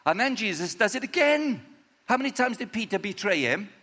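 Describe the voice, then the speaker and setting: A man's voice: sits high, big pitch swings, brisk, pushed and bright, husky. A man preaching a sermon to a gathered audience, telling a story with animation and putting questions to his listeners. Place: meeting room or church, evening. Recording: reverberant hall.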